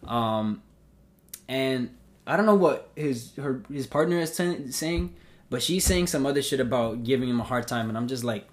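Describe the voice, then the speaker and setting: A young man, hosting a podcast and telling a story in a profane, animated way with acted-out quotes. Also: medium pitch, moderate pace. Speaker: podcast host. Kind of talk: casual storytelling.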